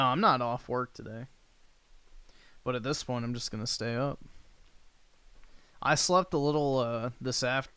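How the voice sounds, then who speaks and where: A man hosting a livestream, talking in a blunt, crude and offhand way as he answers comments. His pitch sits in a middling range. The sound is close and dry, with no room echo. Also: fairly bright tone, clean tone. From United States. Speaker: livestream host. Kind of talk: casual livestream chat reading comments.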